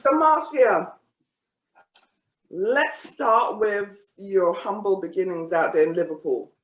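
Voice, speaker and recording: A woman from England hosting a casual radio podcast, keeping things familiar with quick yeahs and friendly asides. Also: medium pitch. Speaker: podcast host. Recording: echoey with faint background noise.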